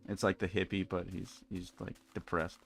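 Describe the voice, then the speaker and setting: Low, gravelly young streamer. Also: male voice, little pitch movement, moderate pace. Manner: rambling, wry, frequent restarts. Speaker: game streamer. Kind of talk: casual live-stream chat. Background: faint music.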